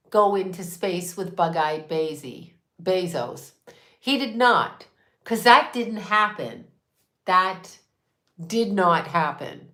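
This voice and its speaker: A woman's voice: medium pitch, lively intonation, unhurried, sharp tone. A woman in her fifties hosting a casual, rambling monologue, irreverent and profane, with laughing asides. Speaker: host. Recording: echoey room.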